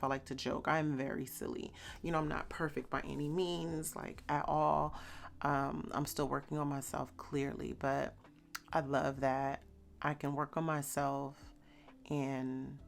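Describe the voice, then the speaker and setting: Young woman vlogger, low gravelly voice, chatty and heartfelt delivery to camera. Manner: chatty and heartfelt, with frequent fillers. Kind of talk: casual talk to camera.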